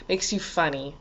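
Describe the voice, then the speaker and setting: A woman astrologer talking casually to camera, animated and frank, swearing freely and laughing often. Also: low-pitched, highs cut off.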